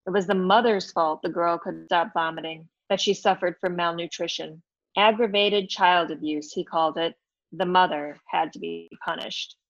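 A woman's voice: mid-range voice, no echo, lo-fi sound, natural voice. A woman reading her own novel aloud as a defiant, sarcastic woman in her fifties just out of prison, with a flip, cheeky manner.

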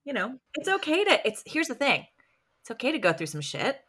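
A woman's voice: sits high, brisk, husky. A woman in her thirties co-hosting a podcast, telling stories in casual chat with lots of swearing and laughter. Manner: animated, swearing, laughing storyteller. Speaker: podcast co-host.

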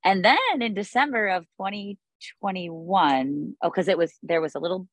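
A woman's voice: fairly low pitch, normal speed, no room sound. A woman in her forties, a music teacher, talking in a podcast interview, chatty with many fillers and restarts.

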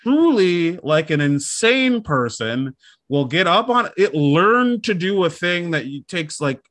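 A man's voice: a little high, sing-song, takes it slowly, fairly bright tone. A man chatting casually on a podcast, rambling and self-deprecating as he tells a comic story. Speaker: podcast co-host. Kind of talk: casual comedic chat.

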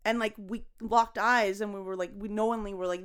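A young adult woman, a comedian, talking casually on a podcast in a rambling, expressive way, swearing and laughing often. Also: medium pitch, fast talker, smooth. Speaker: guest comedian.

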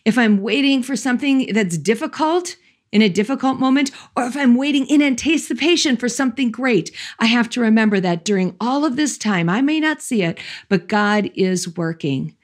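A woman in her fifties speaks in a slightly high voice, telling personal stories in a chatty, self-deprecating way and laughing often. She sounds amplified through a mic in a large hall, with a roomy echo and a long reverb trailing behind her words. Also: animated, moderate pace. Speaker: chapel speaker. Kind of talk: chapel talk with personal stories.

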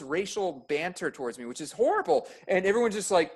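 A man working as an ER nurse tells stories animatedly in a casual podcast conversation, filling his speech with fillers. He speaks briskly with a breathy edge, and his voice goes high and loud as he gets heated.

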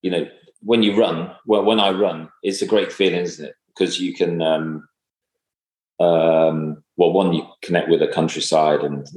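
A man in casual conversation, speaking in a halting, reflective way with many fillers and restarts. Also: low voice, fairly even intonation, a little mellow. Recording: echoey room.

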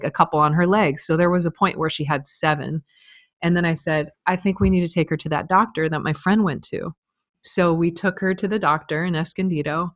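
A woman's voice: lowish voice, dry recording. A middle-aged woman telling a personal story as an interview guest, candid and earnest, with frequent filler words.

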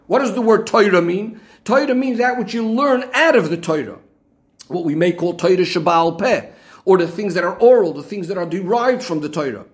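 Brief: male Torah teacher, high voice, methodical explainer. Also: animated, normal speed. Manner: methodical, restates points with Hebrew terms. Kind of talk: explaining a Rashi commentary.

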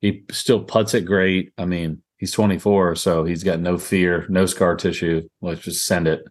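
Low-pitched and flat in delivery, this Southern-drawling man talks at a measured pace as co-host of a casual golf podcast. His chat is rambling and easygoing, full of laughs and frequent "I mean"s.

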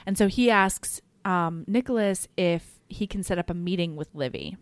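A woman co-hosting a podcast, casually recapping a story in an expressive way and swearing freely. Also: lowish voice, moderate pace, no room sound. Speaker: podcast co-host.

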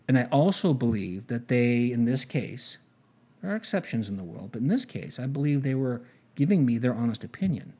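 A man hosting a podcast, telling a story animatedly and acting out the dialogue, often restarting his sentences. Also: medium pitch. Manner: animated retelling with quoted dialogue, frequent restarts. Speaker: podcast host. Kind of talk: storytelling monologue.

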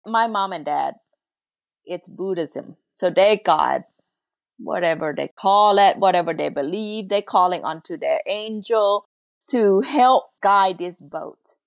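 A woman's voice: mid-range voice, takes it slowly, gravelly, no room sound, studio quality. A woman from Laos, earnestly telling her family's story as a podcast guest, her English grammar loose. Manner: earnest, emotional, non-native English grammar. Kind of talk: personal storytelling in an interview.

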